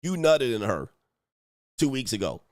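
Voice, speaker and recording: A man's voice: medium pitch, very animated, measured pace, a little mellow, no room sound, clean studio sound. A man hosting a livestream, delivering a profane, mocking comedic rant with repeated catchphrases. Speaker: livestream host and dating coach.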